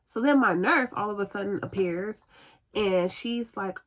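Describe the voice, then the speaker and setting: In a casual storytime vlog, a woman shares a personal story in a chatty, animated way, acting out what other people said. Her voice is medium in pitch and her pace unhurried.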